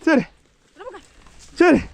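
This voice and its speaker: A man chatting casually to his viewers outdoors on a rural farm, laughing often and apologizing as he herds cows. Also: slow pace. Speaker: village life vlogger. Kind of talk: casual vlog talk to viewers.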